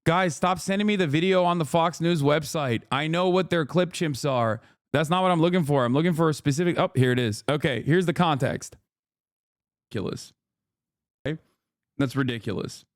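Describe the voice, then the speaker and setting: Smooth-voiced sarcastic male streamer. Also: on the high side, moderate pace, no room sound, studio quality. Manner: sarcastic, mocks feigned anger; blunt, swears freely. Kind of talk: livestream commentary.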